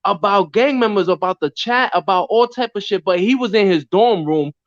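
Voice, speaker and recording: High-pitched male co-host, animated storyteller, muffled lo-fi podcast audio. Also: normal speed. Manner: animated storyteller, slips into impressions of others. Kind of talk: casual street-talk podcast chat. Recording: dull lo-fi audio.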